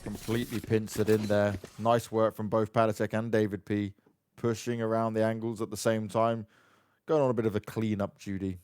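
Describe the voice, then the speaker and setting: A man casting an esports match, giving play-by-play commentary with excitable, joking banter alongside his co-caster. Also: fairly low pitch, a little fast. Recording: noisy game sound behind voice.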